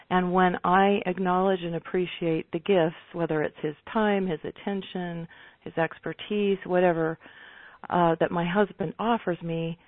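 A woman's voice: lowish voice, dry recording. A woman speaking thoughtfully and earnestly about her own experience in a casual conversation. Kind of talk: reflective conversation. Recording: dry tinny phone-like sound.

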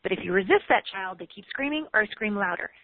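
A woman's voice: mid-range voice, fast talker, gravelly, no echo. Candid woman coach, tinny phone sound. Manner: candid, animated, swears casually. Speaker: relationship coach. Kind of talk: motivational talk.

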